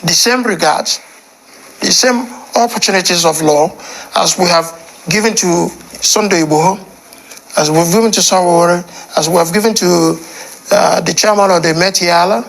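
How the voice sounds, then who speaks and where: A man making political commentary in a measured way, listing his points one by one. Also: high-pitched, vocal fry, a bit bright, rough recording.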